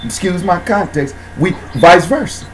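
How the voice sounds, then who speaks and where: A man hosting a casual talk show, speaking in slang and shouting out viewers by name. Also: high-pitched, expressive, unhurried, slight background noise, poor audio. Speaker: host.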